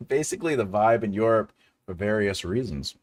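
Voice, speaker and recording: A man's voice: fairly low pitch, lively intonation, moderate pace, darkish tone, a little hiss or hum. A man in his forties, host of a casual live chat with his viewers, rambling and jokey and often laughing. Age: 40s. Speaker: livestream host.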